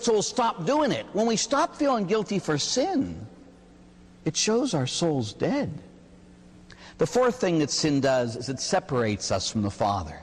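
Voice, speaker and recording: A Catholic priest preaching to his congregation. His voice sits a little high and swings widely as he tells his stories, and it rings with the long reverb of a large hall. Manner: animated storytelling preacher. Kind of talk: sermon. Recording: echoey hall.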